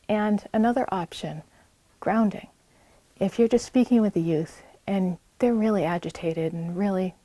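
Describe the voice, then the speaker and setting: A woman's voice: mid-range voice, mellow, no room sound. A woman with a New England accent giving a public health talk in a library, earnest and reassuring as she gives direct advice. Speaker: community health presenter. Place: public library meeting room.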